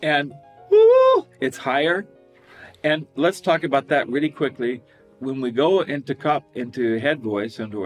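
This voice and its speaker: A man teaching a singing lesson, talking about voice registers and breaking into sung falsetto whoops to demonstrate. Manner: animated, demonstrates with high falsetto whoops and laughs. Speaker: vocal coach.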